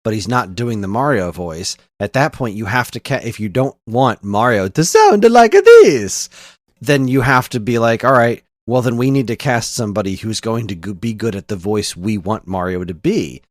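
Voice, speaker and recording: Low-voiced, easygoing male podcast co-host. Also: sing-song, moderate pace, no echo, clean studio sound. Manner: easygoing, laughs often. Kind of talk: casual chat.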